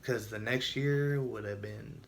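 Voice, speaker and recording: A man's voice: fairly low pitch, slow, gravelly, slight background noise. A man telling his own story in a casual vlog, earnest and emotional, often restarting his sentences.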